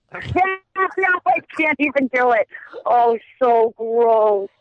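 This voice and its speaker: A woman with a Boston accent calling in and chatting casually, talking very fast and rambling. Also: on the high side, expressive, lo-fi sound. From Boston, Massachusetts. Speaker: caller. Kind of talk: casual call-in chat.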